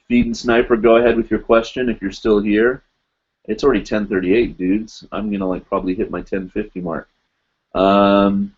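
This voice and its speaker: A man in his forties from the United States talks casually to a live-stream audience. His voice sits low, and he rambles with many fillers. The sound is a little muffled and lo-fi. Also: level tone, normal speed, husky.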